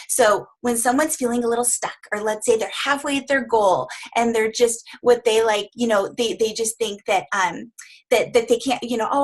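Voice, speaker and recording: A woman giving an upbeat, encouraging training talk to coaches, now and then acting out what clients say. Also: on the high side.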